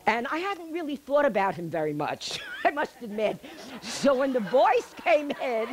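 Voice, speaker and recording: A middle-aged woman speaking to a live audience, telling a personal story in a chatty, animated way and laughing at herself. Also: high-pitched, unhurried, noisy background. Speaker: speaker giving a healing talk.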